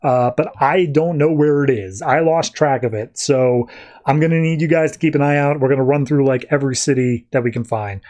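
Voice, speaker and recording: A man's voice: mid-range voice, fairly quick, darkish tone, lightly acted. A man voicing a flustered superhero father who stammers and apologizes in a rush. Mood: urgent. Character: flustered superhero dad, speedster.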